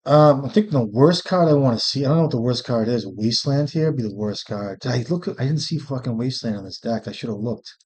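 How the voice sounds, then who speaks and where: A man's voice: medium pitch, lively intonation, fast, few pauses, a little mellow, breathy edge. A man streaming a card game, thinking aloud in casual, profane commentary and often muttering to himself.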